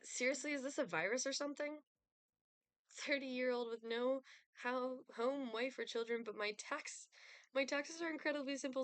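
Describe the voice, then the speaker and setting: A woman's voice: high voice, moderate pace, a bit bright, clean tone, no room sound. Sarcastic young woman streamer, dry sound. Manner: sarcastic, laughs often. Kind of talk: casual gameplay commentary.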